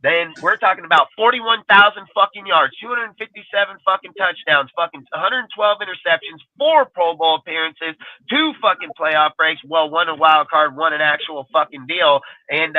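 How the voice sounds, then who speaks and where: A man's voice: a little high, animated, moderate pace, no room sound. Profane ranting man on a tinny line. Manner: profane ranting, heavy swearing. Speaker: podcast panelist. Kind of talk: heated casual sports talk.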